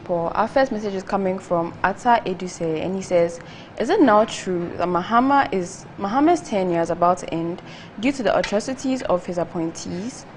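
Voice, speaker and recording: A woman, co-hosting a TV talk show and reading viewer text messages aloud in a steady, measured way. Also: medium pitch, slight background noise. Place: TV studio.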